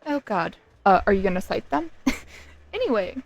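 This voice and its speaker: Giddy young woman with vocal fry. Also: fairly low pitch, sing-song, a little fast, poor audio. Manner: giddy, gushing, repeats herself. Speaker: gaming video creator. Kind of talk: excited casual gameplay commentary.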